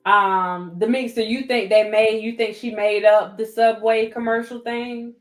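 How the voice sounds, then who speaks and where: A woman with a Southern US accent hosts a casual livestream, reading out viewer comments and repeatedly thanking people by name. Her voice is on the high side with fairly even intonation and a moderate pace, and the room echoes with faint music playing.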